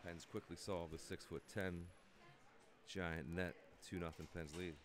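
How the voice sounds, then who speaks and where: Deep-voiced excitable hockey commentator, man. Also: unhurried. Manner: excitable, jokey, calls goals loudly. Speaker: play-by-play commentator. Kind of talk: amateur youth hockey commentary. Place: hockey rink. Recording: noisy recording with rink ambience.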